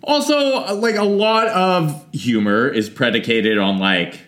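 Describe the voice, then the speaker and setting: A young man hosting a casual podcast in a crude, irreverent way, laughing often. His voice sits at a plain mid pitch. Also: unhurried, fairly bright tone. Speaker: podcast host. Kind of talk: casual chat.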